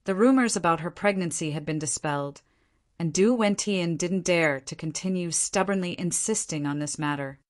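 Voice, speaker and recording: A woman narrating a translated novel audiobook in a steady storytelling manner. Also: fairly low pitch, moderate pace. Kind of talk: scripted narration.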